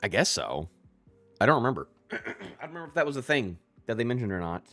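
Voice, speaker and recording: A man talks through a manga chapter on a live reaction stream, his pitch jumping all over as he gets excited. He rambles, trips over his own sentences and starts them again. Faint music plays underneath. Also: fast talker, no echo.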